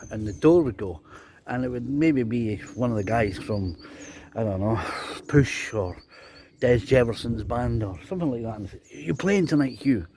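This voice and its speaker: In a medium-pitched, slightly mellow voice, a fifty-something Scottish man from Dundee reminisces about drumming in a loose, chatty monologue full of "you know." A little hiss or hum can be heard.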